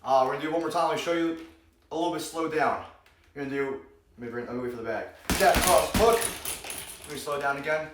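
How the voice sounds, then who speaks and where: A man's voice: on the high side, rapid-fire. A man teaching self-defense moves in a joking vlog, calling out strikes as he demonstrates them. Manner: playful, demonstrates moves while explaining, cracks jokes; energetic, calls out strikes during demonstrations. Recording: roomy, distant mic, noisy.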